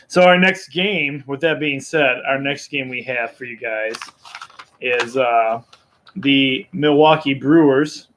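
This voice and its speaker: A man hosting a live-streamed baseball picks show, talking in a relaxed way with lots of ums and chuckles. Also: mid-range voice, slow pace, slight background noise. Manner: relaxed, filler-heavy, chuckling. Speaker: host.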